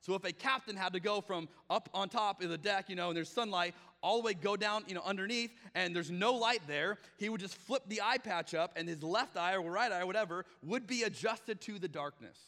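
A man's voice: high-pitched, fairly quick, hardly any pauses, sharp tone, big-room sound. A man preaching a conversational sermon as pastor, often acting out the voices he quotes.

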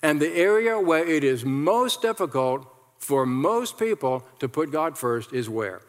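A male pastor preaching a lively sermon, repeating lines and leading the congregation in call-and-response. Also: fairly high pitch, measured pace. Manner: animated, repetitive, leads the congregation in call-and-response. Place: large church hall with congregation. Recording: long hall reverb.

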